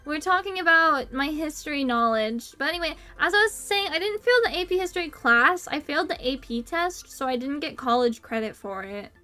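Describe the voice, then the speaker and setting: A woman's voice: sits high, animated, brisk, few pauses, sharp tone. A young woman from the United States, chatting casually on a stream. She rambles, giggles, swears casually and pokes fun at herself. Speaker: VTuber streamer.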